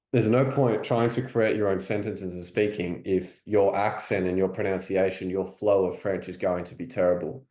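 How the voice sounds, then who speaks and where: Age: adult. Sex: man. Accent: Australian. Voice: low and mellow. Style: casual French coaching, chatty, repeats phrases slowly. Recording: roomy, echoey. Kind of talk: language lesson. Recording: roomy echo.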